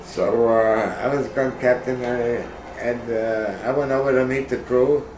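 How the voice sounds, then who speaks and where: A man's voice: mid-range voice, fairly even intonation, unhurried, roomy sound, background noise. Older man telling war stories. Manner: rambling, many fillers, acts out shouted orders. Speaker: interviewee, war veteran. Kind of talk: casual oral history storytelling.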